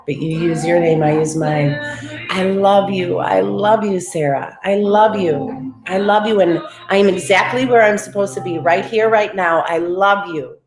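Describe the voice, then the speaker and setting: A woman's voice: lowish voice, normal speed, reverberant, over music. A woman leading a live-streamed guided breathing and affirmation session, coaxing listeners through repeated instructions and reading out viewers' names. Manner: repetitive, coaxing instructions, calls listeners "baby"; reads out viewers' chat names.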